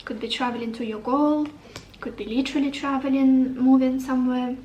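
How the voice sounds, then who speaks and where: A woman's voice: sits high, little pitch movement, brisk, darkish tone, roomy sound, far from the mic, a little hiss or hum, rough recording. A woman giving a tarot reading to the camera, upbeat and encouraging, thinking aloud as she turns over cards. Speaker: tarot reader.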